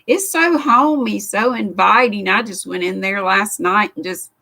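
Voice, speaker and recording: A woman's voice: medium pitch, a little slow, creaky, sharp tone. An older woman with a Southern American accent hosting a casual live stream from a craft room, greeting viewers by name in a chatty, homespun way. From United States. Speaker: livestream host. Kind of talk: casual live chat, reading viewer comments.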